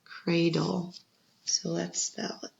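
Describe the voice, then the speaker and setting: A woman teaches young children to spell, breaking words into syllables with patient encouragement. She talks slowly in a lowish, gravelly voice. The recording sounds dull and lo-fi. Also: fairly even intonation, a bit bright. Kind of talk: second-grade spelling lesson. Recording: muffled lo-fi recording.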